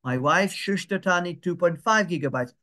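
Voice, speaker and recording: Guy teaching phone basics on a video call, slow and patient, keeps checking in. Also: high-pitched, bright, forceful tone. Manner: patient, repeats steps slowly and checks understanding. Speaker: digital skills tutor. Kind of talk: step-by-step lesson over a video call.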